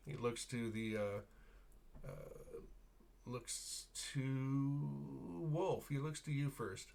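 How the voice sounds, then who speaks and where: A man's voice: medium pitch, takes it slowly. A man narrating a tabletop role-playing game as game master in a casual way, chuckling and using many fillers.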